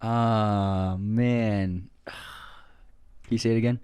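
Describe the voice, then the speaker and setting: A man's voice: on the low side, fairly even intonation, slow pace, warm tone, clear, resonant tone, no room sound. A man co-hosting a podcast in casual chat, earnest and thinking aloud with frequent restarts. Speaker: podcast co-host.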